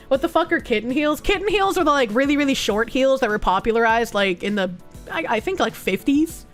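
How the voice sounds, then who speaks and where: A woman streamer giving casual reaction commentary, talking fast with sarcastic, profane remarks. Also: high-pitched, expressive, soft background music.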